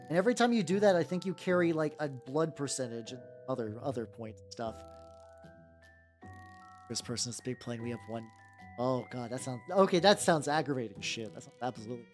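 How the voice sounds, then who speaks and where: Rambling streamer with a lively, swooping voice. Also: mid-range voice. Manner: rambling, many "like" fillers and restarts; answers chat while painting. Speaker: streamer painting miniatures. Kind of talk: casual livestream chat.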